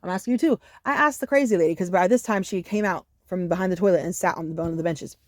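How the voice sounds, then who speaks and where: A woman telling a casual storytime monologue to camera, animated and profane, with many "you know"s. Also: on the low side, quick pace, no echo, clean studio sound. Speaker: storyteller vlogger.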